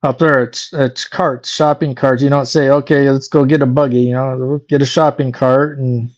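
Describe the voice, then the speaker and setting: A man's voice: medium pitch, little pitch movement, moderate pace, a little mellow. A man from Michigan chatting easily and folksy on a livestream, joking along. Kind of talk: casual chat on a livestream. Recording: dull lo-fi sound.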